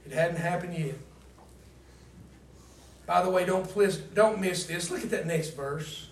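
A man preaching a sermon and reading scripture aloud. He asks the congregation to fill in words and swings between loud emphasis and quiet asides. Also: high-pitched, a little slow, creaky. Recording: roomy, distant mic, faint background noise.

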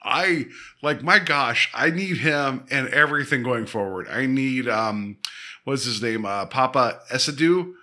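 A man co-hosting a podcast, casually and animatedly retelling an episode with lots of quick asides. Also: medium pitch, lively intonation, sharp tone. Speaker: podcast co-host. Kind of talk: casual chat.

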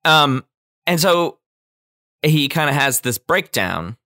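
A man's voice: a little high, very animated, slow pace, sharp tone, no room sound, studio quality. A man casually analyzing a film, loose and filler-heavy, often acting out the characters he quotes. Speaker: film commentator.

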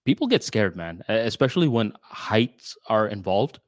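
A man co-hosting a casual podcast, telling a story in an animated way. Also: lowish voice, moderate pace, no echo, studio quality. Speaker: podcast co-host.

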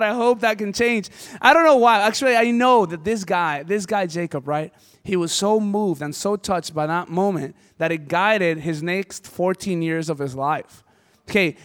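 A man's voice: high-pitched, a bit bright, clean tone. A man preaching a sermon as pastor, impassioned and conversational. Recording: hall reverb.

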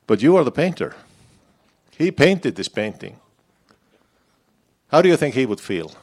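A man's voice: medium pitch, sing-song, unhurried, a little mellow. A man preaching a sermon in a church, in a conversational, personal way that turns the message back on himself.

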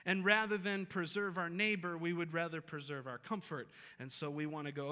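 A man preaching in a church sanctuary, his bright, sharp voice ringing through a hall with long reverb. He moves from easy, conversational talk to emphatic, repeated lines, sitting a bit higher than most men. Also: fairly even intonation, brisk, few pauses. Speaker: pastor. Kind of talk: sermon.

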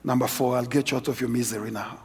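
A middle-aged man preaching a sermon as guest preacher in a large church hall, swinging from quiet asides to shouted exhortation. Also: fast, a little hiss or hum. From South Africa. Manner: animated, shifts from low asides to shouted exhortation. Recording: husky voice with long church-hall reverb.

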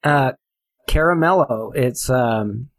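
A man from New Hampshire, a race director, chatting casually as a podcast guest, swearing freely and often pausing with fillers. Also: medium pitch, dry recording. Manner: laid-back, swears casually, halting fillers.

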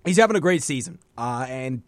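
A man's voice: medium pitch, lively intonation, a little fast, no room sound. A young man hosting a college radio sports show, teasing his co-host and speaking like an announcer. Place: radio studio.

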